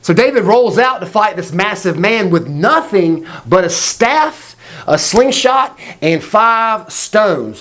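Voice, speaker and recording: A man telling a Bible story to young people in a casual, energetic way, acting out the quotes. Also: high-pitched. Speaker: youth faith video teacher.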